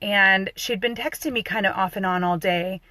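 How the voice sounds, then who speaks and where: A woman working as a doula, telling a personal story in a loose, animated way with fillers and restarts. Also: mid-range voice, moderate pace, no echo. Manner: animated, acts out quoted voices.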